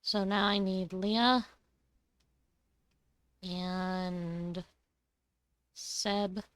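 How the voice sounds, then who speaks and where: Drawing out her words at medium pitch, this young woman has a smooth, slightly bright voice with fairly even intonation, recorded dry. She casually chats through a farming game stream, talks to the characters and laughs and coughs a lot.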